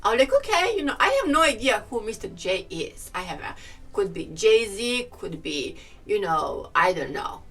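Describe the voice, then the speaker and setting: Chatty woman with a bright voice. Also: mid-range voice, animated, moderate pace, far from the mic, faint music behind. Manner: chatty, laughs often, acts out quoted people. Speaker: vlogger, hair and wig specialist. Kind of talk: casual storytelling to camera.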